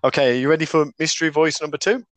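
A man's voice: on the high side, very fast, a bit bright, no room sound. A man from Britain hosting a casual podcast, upbeat and joking as he runs the segments. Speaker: podcast host. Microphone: headset or desk mic with earphones.

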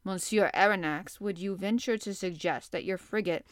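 A woman voicing a calm, commanding middle-aged male sea captain who speaks in a measured, formal way. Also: medium pitch, no echo, studio quality, natural voice.

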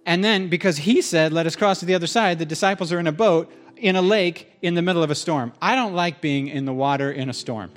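A man preaching a sermon in a conversational, animated way, joking with the congregation in a church hall. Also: fairly high pitch, fairly quick, hardly any pauses. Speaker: pastor.

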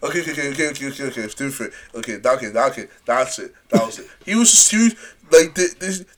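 A young man co-hosting a casual podcast chat, animated and often laughing. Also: medium pitch, quick pace. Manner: animated, laughing, excitable outbursts. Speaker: podcast co-host.

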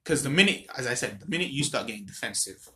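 A man's voice: medium pitch, animated, fast talker, sharp tone, echoey room. A young man chatting casually with a friend, blunt and joking as he gives his opinions. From India. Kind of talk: casual chat between friends.

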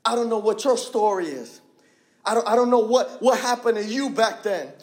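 High-voiced passionate young preacher man. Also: normal speed. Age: 20s. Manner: passionate, repetitive, drops low for emphasis. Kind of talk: sermon.

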